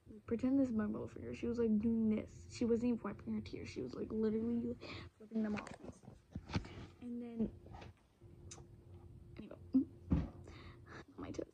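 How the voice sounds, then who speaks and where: A woman's voice: a little high, little pitch movement, moderate pace, gravelly, long pauses, dark tone, slight background noise. A teenage girl, rambling through a casual storytime vlog with lots of fillers and restarts, close to a phone camera.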